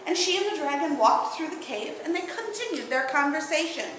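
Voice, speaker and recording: A woman telling a fairy tale aloud to a live audience at a bardic gathering, in an expressive, lilting way. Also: high voice, fairly quick, slight background noise. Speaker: storyteller. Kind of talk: oral storytelling at a bardic gathering. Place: indoor event hall, live audience. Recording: very echoey hall.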